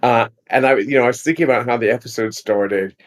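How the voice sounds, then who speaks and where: A male host wrapping up a casual interview, talking freely and poking fun at himself. His accent mixes American and British sounds. He speaks at a middling pitch. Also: quick pace. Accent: mixed American-British. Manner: chatty, friendly, self-mocking. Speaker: podcast host.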